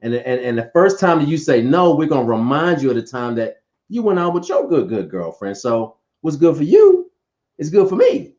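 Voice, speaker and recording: Man, casual co-host, animated and playful, lo-fi recording. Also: on the high side, normal speed. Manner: animated, playful, repeats words when excited. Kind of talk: casual relationship talk.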